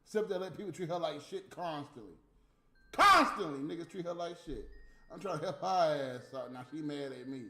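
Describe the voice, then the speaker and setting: High-voiced cursing man ranting. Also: fairly quick, a little mellow, echoey room, soft background music. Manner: blunt, cursing, exasperated. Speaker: livestream host. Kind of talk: profane off-the-cuff rant.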